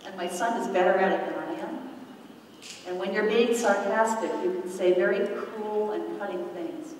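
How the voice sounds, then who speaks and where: A middle-aged woman leads a parenting workshop in a calm, explaining way. She stands well back from the microphone, and her voice rings through a large, very echoey hall. A faint hum of room noise sits underneath. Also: medium pitch. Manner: calm, explanatory, acts out example phrases. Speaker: parenting educator. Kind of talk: workshop talk. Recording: echoey hall, distant mic.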